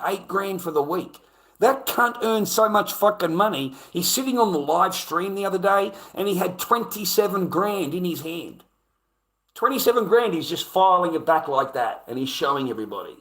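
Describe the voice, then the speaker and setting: Aussie bloke ranting and swearing, fairly high voice, keeps repeating himself. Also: male voice, a bit bright. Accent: Australian. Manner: profane, indignant, repeats himself. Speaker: streamer. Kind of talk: casual rant to camera.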